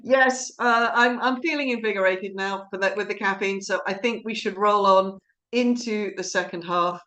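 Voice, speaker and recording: A woman directing and hosting an online play reading, chatting casually and rambling a little, with quick laughs between thoughts. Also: mid-range voice, a bit bright. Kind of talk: casual live-stream chat.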